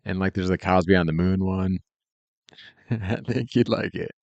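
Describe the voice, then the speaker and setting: A deep, gravelly, darkish voice belongs to a man chatting at a moderate pace as he streams his work, drifting from topic to topic and chuckling a lot. The sound is lo-fi, with no echo.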